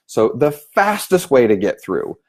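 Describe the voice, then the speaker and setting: A man giving a sales training talk, animated and acting out phone voices as he explains. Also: mid-range voice, unhurried. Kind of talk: spoken training tip.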